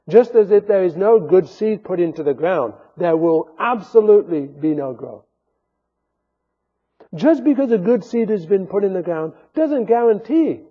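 A man's voice: fairly high pitch, slightly rough, narrow, tinny audio. A man preaching a sermon in an earnest, emphatic way, his voice rising sharply when he rebukes.

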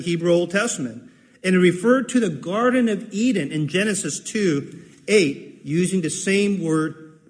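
A man's voice: fairly high pitch, big-room sound. A man preaching a sermon in an earnest way, repeating key phrases for emphasis. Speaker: pastor.

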